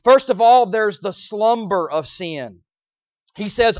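A man preaching a sermon, repeating phrases and swinging between loud pleading cries and low, quiet lines. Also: expressive, slow pace, dry recording, lo-fi sound.

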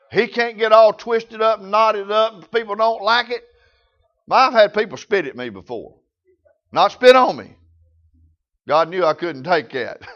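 A man's voice: sits high, fairly bright tone, highs cut off. A man preaching a sermon, telling folksy stories in rural grammar.

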